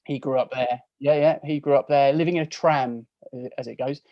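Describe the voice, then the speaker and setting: A man's voice: medium pitch, fairly even intonation, fairly quick, no room sound, highs cut off. A man in his forties from England, chatting as a podcast guest on a video call, telling stories in a chatty, self-mocking way. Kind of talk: casual chat.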